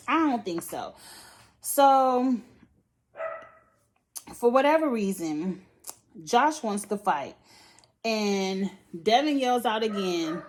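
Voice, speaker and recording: Blunt, laughing woman reviewer, mid-pitched, casual and cussing. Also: animated, slow, long pauses. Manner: sassy, blunt, laughing, cusses. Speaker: reality TV reviewer. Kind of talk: casual recap commentary. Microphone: phone or tablet setup.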